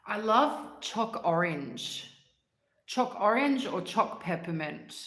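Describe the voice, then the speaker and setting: Slow, low-voiced congested woman streamer. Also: reverberant. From Australia. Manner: chatty, gushing about sweets, frequent "like" fillers. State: congested, clearing throat often. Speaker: livestream host. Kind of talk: casual chat with live chat viewers.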